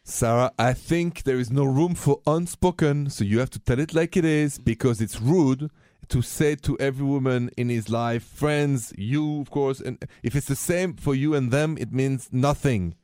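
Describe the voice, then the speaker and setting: A man's voice: medium pitch, normal speed, warm tone, no echo, studio quality. A man from France with a French accent, co-hosting a radio talk show and earnestly giving relationship advice. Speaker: co-host. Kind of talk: casual radio chat.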